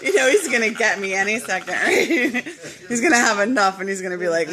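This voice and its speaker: A woman's voice: mid-range voice, lively intonation, measured pace, a crowd in the background. A woman filming her dog at home, talking to it in playful, coaxing baby talk and laughing often. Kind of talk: casual baby talk to a pet.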